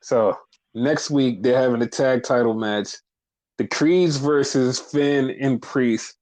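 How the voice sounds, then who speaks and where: A man co-hosting a podcast, casually recapping wrestling in a profane, animated way. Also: medium pitch, slow, rough recording. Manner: profane, animated retelling with put-on quotes. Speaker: podcast co-host.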